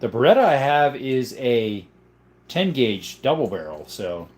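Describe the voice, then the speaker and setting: A man's voice: medium pitch, very animated, measured pace, a little mellow. A young adult man hosting a casual livestream, reading viewer comments aloud and answering them in a loose, conversational way. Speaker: livestream host.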